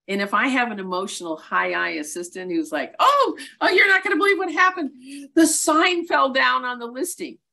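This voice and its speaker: A middle-aged woman giving a webinar as a real estate coach, talking in a brisk, emphatic way with self-deprecating asides. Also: lowish voice, bright, forceful tone. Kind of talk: webinar presentation.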